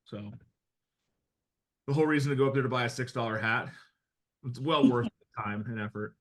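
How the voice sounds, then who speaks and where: In a medium-pitched voice at normal speed, this middle-aged man from the United States delivers a motivational talk to real estate agents. His coaching is blunt and conversational, sprinkled with mild swearing.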